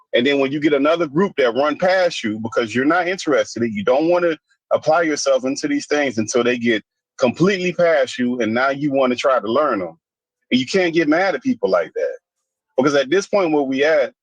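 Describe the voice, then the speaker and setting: Blunt ranting man, husky voice. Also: medium pitch, no echo, low-quality recording. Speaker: commentator. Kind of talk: opinionated casual commentary.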